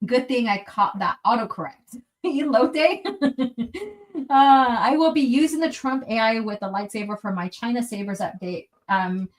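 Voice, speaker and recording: Young woman streaming from home, kinda high voice, laughs a lot, swears constantly, rambles thru the chat. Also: moderate pace. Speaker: livestream host reading chat. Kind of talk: casual live-stream chat. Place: at home, indoors.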